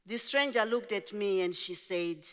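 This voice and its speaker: A middle-aged woman whose first language is Shona, telling her life story in a slow, deliberate speech with emphatic phrasing. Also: mid-range voice, a bit bright. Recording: reverberant large hall.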